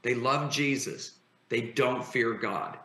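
A man's voice: mid-range voice, takes it slowly, sharp tone. A man speaking as a guest preacher in an interview, emphatic and building to impassioned declarations. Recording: echoey room.

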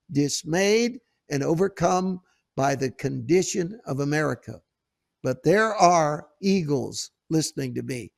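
Gravelly fervent male talk-show host. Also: on the high side, no echo, clean studio sound. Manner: emphatic, fervent, with halting restarts. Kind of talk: preacherly storytelling and interview.

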